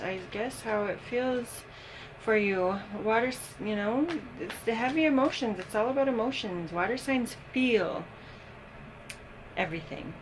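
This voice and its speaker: A woman giving a casual tarot reading, unhurried and thinking aloud with frequent pauses and ums. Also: mid-range voice, background noise. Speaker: tarot reader.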